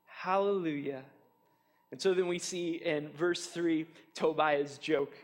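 A man preaching a sermon, animated and chatty, acting out taunts with fillers and restarts. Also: a little high, takes it slowly, big-room sound. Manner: animated, mocks enemies' taunts in a raised voice. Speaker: pastor.

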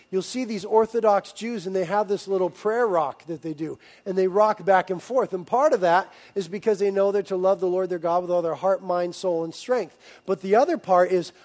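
A man in his thirties preaching a sermon, emphatic, swinging between loud urging and hushed, intimate passages. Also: high-pitched. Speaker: pastor.

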